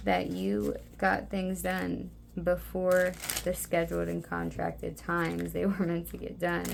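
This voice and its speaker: A woman giving a soft, meandering spiritual card reading, talking intimately to her listeners with many fillers. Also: mid-range voice, vocal fry, background noise. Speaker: tarot card reader.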